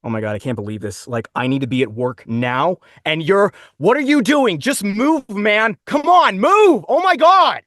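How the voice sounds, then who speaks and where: A man voicing a frustrated American commuter stuck in traffic, with a General American accent, exasperated and shouting. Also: big pitch swings, moderate pace, few pauses, dry recording, studio quality. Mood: frantic. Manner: exasperated, shouting louder and higher.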